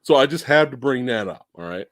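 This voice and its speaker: A man hosting a casual live movie review chat, animated and swearing, acting out scenes with loud quoted lines. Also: medium pitch, fairly quick, no echo. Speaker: podcast host.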